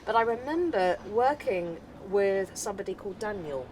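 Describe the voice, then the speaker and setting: A woman's voice: mid-range voice, expressive, normal speed, a little mellow, slight background noise, poor audio. A woman who works as a medium, talking as a podcast guest in a chatty storytelling way. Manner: chatty storytelling, repeats phrases. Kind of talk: casual conversation.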